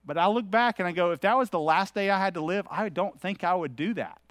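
A middle-aged pastor preaches in a candid, conversational manner, mixing stories from his own day into the sermon. His voice sits high for a man. The recording is dry and close, with almost no room sound. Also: a little fast, a bit bright, dry recording.

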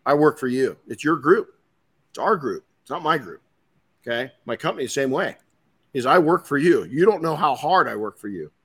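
A man's voice: medium pitch, expressive, normal speed, a bit bright, slightly rough. Middle-aged male podcast host, blunt casual storyteller, mid-range voice. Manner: blunt, swears, many restarts. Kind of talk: casual motivational talk.

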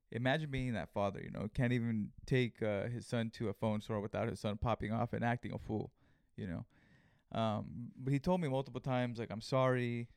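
A man's voice: mid-range voice, creaky, a little mellow, smooth, dry recording, clean studio sound. A man hosting a solo podcast, telling a story in a rambling, casual way full of fillers. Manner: rambling, filler-heavy, conversational. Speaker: podcast host.

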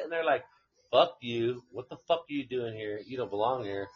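Husky man telling a rambling, profane story. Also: mid-range voice, fairly quick, lo-fi sound. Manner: profane, rambling anecdote with laughs. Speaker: storyteller on a live stream. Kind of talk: casual storytelling chat.

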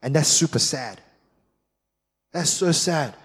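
A man's voice: fairly high pitch, slow, slightly rough. A middle-aged man preaching a sermon as pastor, fired-up and emphatic with repeated phrases. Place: large church hall. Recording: long church hall reverb.

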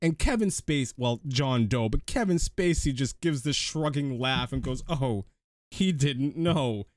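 A man's voice: medium pitch, animated, normal speed, dry recording. Male podcast host, chatty plot recap, dry close sound. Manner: retells the plot step by step, chatty. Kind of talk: casual movie recap chat.

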